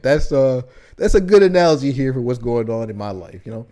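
Young male podcast co-host, mid-pitched, chatty and animated, recaps stories with a filler-heavy casual delivery. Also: a little fast. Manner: animated storyteller, many "like" fillers. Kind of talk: casual chat, recapping a play.

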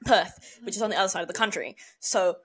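A woman's voice: mid-range voice, fast talker, a bit bright, breathy edge. A woman from Australia co-hosting a podcast in casual chat, gushing and slangy. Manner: gushing and slangy, calls things iconic. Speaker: podcast co-host.

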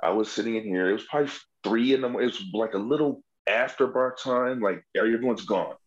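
A comedian guest on a podcast tells road and prison stories in casual, profane chat, animatedly acting out the voices of the people involved. His mid-range voice moves a little fast, and the recording has its highs cut off.

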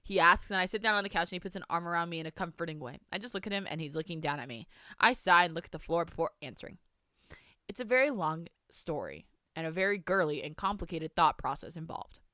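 A young woman reading her old fan fiction aloud with animated commentary, swearing and laughing at herself. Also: fairly low pitch, fast talker, no echo, studio quality.

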